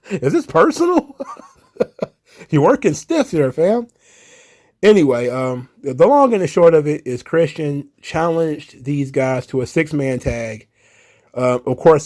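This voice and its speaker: Male wrestling commentary host, casual and chatty, mid pitch, laughs often, many fillers. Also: darkish tone. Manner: chatty, chuckling, with frequent fillers.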